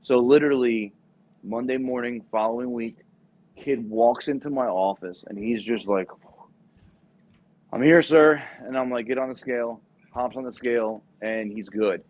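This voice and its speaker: A man's voice: medium pitch, normal speed. A young adult man, a former Marine recruiter, telling a profane story casually and acting out the voices of the people in it. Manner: animated, profane, acts out quoted voices. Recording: dull lo-fi podcast audio.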